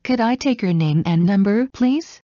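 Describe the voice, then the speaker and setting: A woman reading everyday English phrases aloud one at a time, in slow, evenly spaced delivery for learners. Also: medium pitch, lively intonation, warm tone, dry recording. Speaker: English teacher. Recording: dull, dry lo-fi audio.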